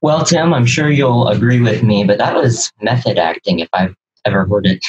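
Man, co-host, low husky voice, direct questions. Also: moderate pace, muffled recording. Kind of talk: interview questions.

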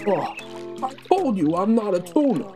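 A woman voicing a huge male whale with a bellyache, pleading in a high, wailing voice. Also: big pitch swings, normal speed, over music, natural voice.

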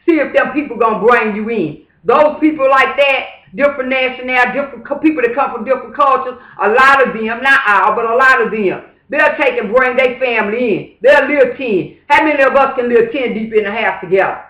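A man's voice: very high voice, fairly quick, few pauses, pushed and bright, highs cut off. A man talking straight to camera in a casual, preachy vlog monologue, emphatic and fervent, with repeated rhetorical asides. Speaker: vlogger. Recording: roomy echo.

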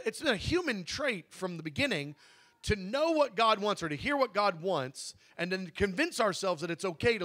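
A man teaching a Bible session in a conversational way, slowing down to stress key words and correcting himself as he goes. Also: high voice, a bit bright. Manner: conversational, with asides and self-corrections.

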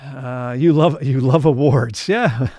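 A man hosts a live music stream, crooning songs and chatting with viewers in rambling, laugh-filled stretches between numbers, like a lounge singer. His mid-range voice has a dark tone and an unhurried pace. The recording is clean studio sound with no room ambience.

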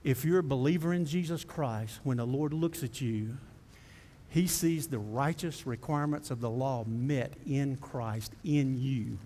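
A man preaching a sermon as pastor, folksy and direct with the congregation, building to impassioned high preaching. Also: a little mellow, big-room sound, slight background noise. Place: church sanctuary.

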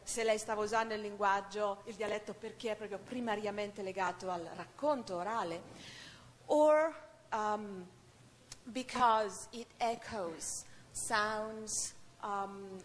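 A woman from Italy with an Italian accent, asking a speaker a question in English and repeating it in Italian, with some hesitation. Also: mid-range voice. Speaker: audience member asking question and interpreting. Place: college lecture hall. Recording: long hall reverb with faint room noise.

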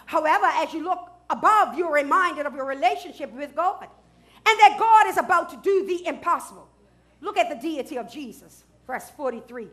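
A woman pastor preaching a sermon, dropping to hushed asides and rising to loud shouts, with features. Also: high voice, expressive, moderate pace. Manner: swings from hushed asides to loud shouted declarations, laughs often.

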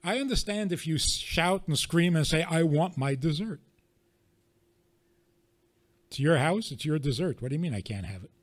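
Male rabbi, somewhat high voice, teaching a room through pointed rhetorical questions and dry homely examples. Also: lively intonation, fast, few pauses. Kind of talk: teaching talk to an audience.

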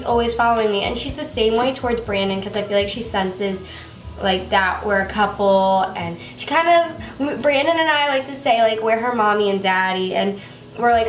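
A woman's voice: fairly high pitch, roomy sound, distant mic. A young woman vlogger chatting in a gushing, rambling way about her pet, with many fillers, recorded on a camera at home.

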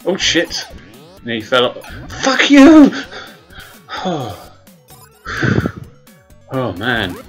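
Hosting his gaming channel, a man plays through a game with comedic commentary, swearing constantly amid mock-terrified yelps and groans. His mid-range, sharp voice has big pitch swings, and he talks very slowly with long pauses. The audio is lo-fi with faint music behind him.

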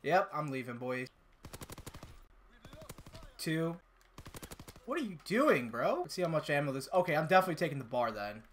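Young male gamer, bright lively voice, jumpy and profane play-by-play commentary. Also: on the high side, moderate pace, pauses often, slight background noise. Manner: excitable, swears freely, bursts into yells. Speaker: gamer and channel host. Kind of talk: live gameplay commentary.

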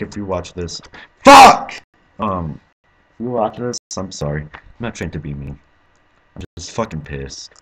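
A young man commentating his own gameplay, frustrated and swearing, with sudden angry yells. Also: sits low, slightly rough. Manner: frustrated, swearing, bursts into yelling. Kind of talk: let's play commentary.

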